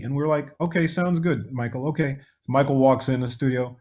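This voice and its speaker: A man's voice: medium pitch, brisk, few pauses. A man, a music producer guest, telling a story in an interview and acting out the voices of the people in it. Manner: animated, acts out quoted voices.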